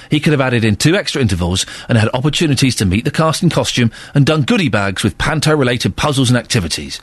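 A man's voice: medium pitch, husky, no echo. A man hosting a radio phone-in from the studio, chatting jokily and reading listener emails aloud. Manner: jokey, animated, reads listener emails aloud. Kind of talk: casual radio chat. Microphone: studio microphone.

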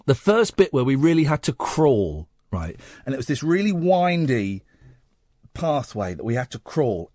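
A man hosting a late-night radio phone-in, telling a story in an animated way and acting out the voices he quotes. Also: a little high, dry recording, studio quality. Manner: animated, acts out quoted voices, rising to shouts. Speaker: radio host.

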